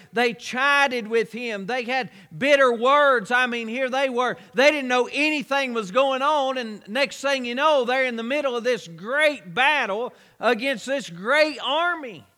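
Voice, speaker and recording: A man's voice: very high voice, sharp tone, long reverb tail. A man preaching a sermon, building his points through repetition and rhetorical questions.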